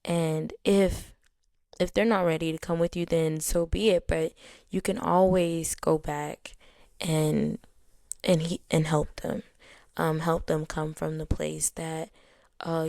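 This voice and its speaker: A woman's voice: sits low, little pitch movement, slow, gravelly, a little mellow, no echo, clean studio sound. A young adult woman talking openly to her listeners as a podcast host, chatty and candid, with many fillers. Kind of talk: casual personal talk to listeners.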